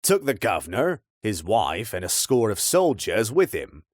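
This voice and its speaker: A man voicing a grumpy, gruff old man who tends a fire, talking in a rough, colloquial way. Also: on the low side, very animated, measured pace, no echo, studio quality.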